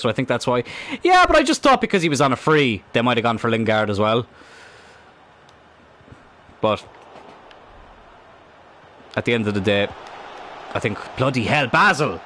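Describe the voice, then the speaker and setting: A man commentating on his own football video game live, excitable and rambling, swearing at the game. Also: fairly low pitch, moderate pace, long pauses, a little hiss or hum. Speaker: game streamer.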